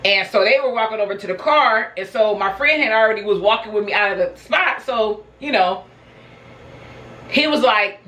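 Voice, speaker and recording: A woman's voice: mid-range voice, normal speed, sharp tone, echoey room, low-quality recording. A woman vlogger telling a personal story in a casual, chatty way, laughing often and talking straight to her viewers. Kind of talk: casual storytelling while snacking.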